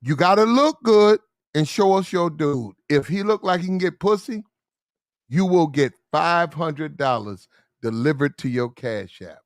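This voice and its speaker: A man's voice: fairly high pitch, animated, unhurried, no room sound, clean studio sound. A man hosting a casual livestream, telling stories in a loose, slangy drawl. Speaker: stream host.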